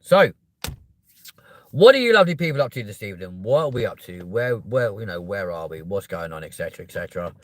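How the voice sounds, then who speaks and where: In a fairly low voice at a fairly quick pace, a young London-accented host from England reads viewer comments and jokes cheekily on a casual livestream. He bursts into loud, excited pushes for subscribers, and the recording is dry and close with no room sound.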